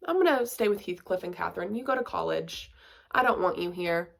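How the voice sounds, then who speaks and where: A woman plays an old estate owner who sends his son away with curt orders. He is blunt, dismissive and quick. His voice stays close to her own. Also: lowish voice, animated, vocal fry.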